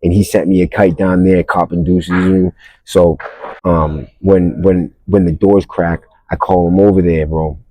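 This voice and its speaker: A man's voice: low-pitched, little pitch movement, unhurried, mellow, no room sound, rough recording. A man hosting a podcast, telling a story casually in blunt street slang and calling the listener bro. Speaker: podcast host.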